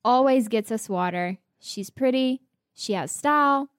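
A woman's voice: fairly high pitch, no room sound. Giggly young woman, dry close mic. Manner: giggly, quick to interject. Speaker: podcast co-host. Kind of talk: casual chat.

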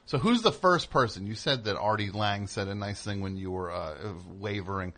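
A man's voice: fairly low pitch, animated, moderate pace, a bit bright. A man hosting a call-in talk show, easygoing and murmuring agreement while his guest talks. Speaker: radio show host. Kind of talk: casual talk show chat. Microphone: studio microphone.

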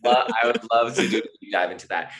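On a podcast, an actor guest with a voice on the low side chats casually at a quick pace, over very noisy audio. He rambles and hesitates, restarting sentences and packing in fillers.

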